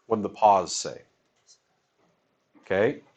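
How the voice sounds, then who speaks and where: A man's voice: fairly low pitch, takes it slowly, darkish tone, breathy edge. Casual male math teacher, chatty classroom lecture.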